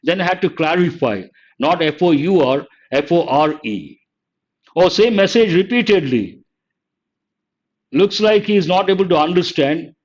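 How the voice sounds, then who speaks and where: An older man teaching English vocabulary in a live online exam-prep lesson, explaining slowly and repeating words, sometimes scolding the chat. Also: fairly high pitch, expressive. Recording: dull lo-fi stream audio.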